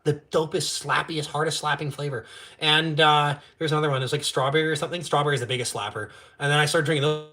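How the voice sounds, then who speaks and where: A man, holding forth on his own live stream. His voice sits a little high and comes out hard-edged and forceful. He mocks, curses constantly and keeps the talk crude and loose. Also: steady tone, quick pace. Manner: crude, swearing heavily, mocking. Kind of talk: casual profane rant on a live stream.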